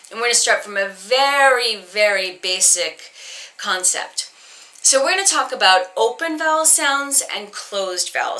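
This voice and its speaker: Speaking in a fairly low, sharp voice, a woman from Boston teaches a recorded singing lesson. She explains things chattily, full of ums and false starts, and works to keep her accent neutral American rather than Bostonian.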